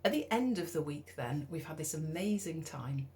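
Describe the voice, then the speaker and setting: A middle-aged woman from the United Kingdom tells a personal story in a lively, conversational way, acting out her own thoughts. Her voice is low-pitched and her pace moderate.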